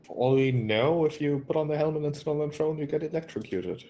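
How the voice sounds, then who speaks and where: A man playing a tabletop game who speaks in measured, careful phrases. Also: a little high, lively intonation, dark tone, a little hiss or hum. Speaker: player. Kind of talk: casual tabletop play.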